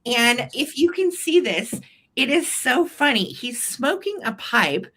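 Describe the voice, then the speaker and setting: A woman co-hosting a live vintage sale, gushing with excitement over her finds and laughing often. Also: sits high, a little slow, breathy edge. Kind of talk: casual sales chat.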